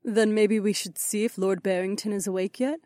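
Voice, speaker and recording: A man doing a calm young elf princess in a storybook, raised well above his own pitch, with soft, measured phrasing and a changed timbre. The sound is close and dry. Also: no room sound, lightly acted.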